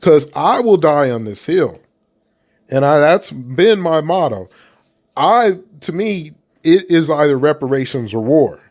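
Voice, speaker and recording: A man's voice: a little high, expressive, measured pace, darkish tone. A man from the United States giving casual opinion commentary in a blunt, profane and rambling way.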